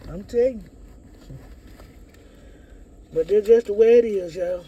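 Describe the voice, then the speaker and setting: A woman's voice: medium pitch, a little slow, warm tone, muffled recording, a little hiss or hum. A middle-aged woman gives relationship advice to her viewers in a casual monologue. She repeats her points emphatically and speaks straight to her audience. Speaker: vlogger giving relationship advice.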